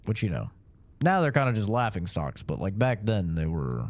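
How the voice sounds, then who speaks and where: A man's voice: lowish voice, big pitch swings, normal speed, no room sound. A man streaming a game, chatting casually in a rambling, joking way with lots of fillers. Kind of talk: casual chat while gaming.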